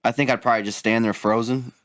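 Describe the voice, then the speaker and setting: A man's voice: medium pitch, quick pace. A man co-hosting a podcast in casual chat, telling crude stories with lots of laughter. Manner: animated, crude storyteller who laughs often. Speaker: podcast co-host.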